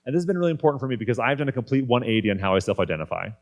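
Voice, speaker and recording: A man's voice: medium pitch, sing-song, rapid-fire. A man in his thirties giving a candid, conversational personal faith talk from a conference stage. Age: 30s. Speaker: guest speaker.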